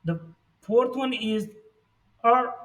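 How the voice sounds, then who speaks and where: Slow, high-voiced male language teacher. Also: far from the mic, rough recording. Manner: deliberate, reading sounds out one by one. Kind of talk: pronunciation lesson. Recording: voice set back from the mic.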